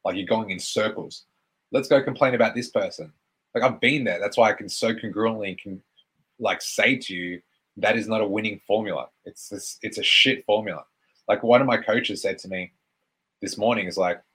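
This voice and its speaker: A man's voice: on the low side, normal speed, a bit bright, breathy edge. A man around thirty, a fitness coach giving a blunt motivational talk on a live stream, swearing freely and saying "like" a lot.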